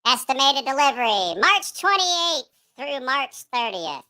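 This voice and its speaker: A cranky childlike puppet voice, put on by a man, swearing through its grumbling rants. It swoops high and low and drags its words out slowly, with a bright, sharp edge to the tone. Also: sing-song, heavily acted. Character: squeaky childlike male puppet voice, grumpy and foul-mouthed. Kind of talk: livestream chat in a put-on voice.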